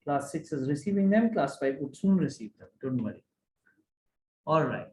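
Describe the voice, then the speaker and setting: Man, teacher, lively up-and-down voice, slightly high, echoey room. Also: normal speed, slight background noise. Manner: animated, asks the class many checking questions. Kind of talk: online grammar class.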